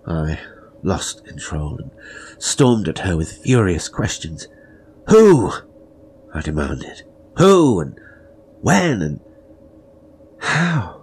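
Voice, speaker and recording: Male narrator for a classic horror story, very low voice, grave and measured, faint background hiss. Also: a little mellow. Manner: measured, grave, dropping to whispers. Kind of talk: dramatic horror story reading.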